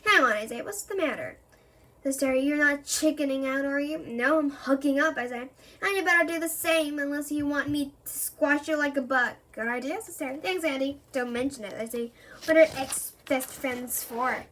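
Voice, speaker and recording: A woman reading a children's book aloud in a lively way, giving the characters voices with sudden loud jumps. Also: high-pitched, normal speed. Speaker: reader.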